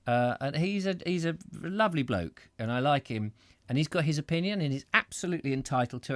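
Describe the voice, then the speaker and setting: A middle-aged man who reads aloud and keeps wandering off into chatty asides. His pitch swoops all over the place as he goes, and the recording sounds close and dry, with no room around it. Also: animated, fast talker, fairly bright tone, no echo. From Britain. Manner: rambling, self-interrupting, chatty asides. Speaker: reader and host. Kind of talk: live reading with chat comments.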